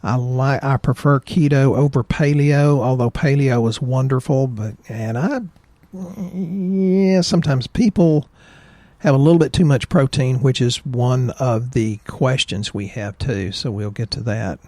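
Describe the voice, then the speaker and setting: A man's voice: mid-range voice, unhurried, dark tone, no room sound. A middle-aged man hosting a casual health podcast, opinionated and jokey, telling anecdotes as he talks. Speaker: podcast host, chiropractor.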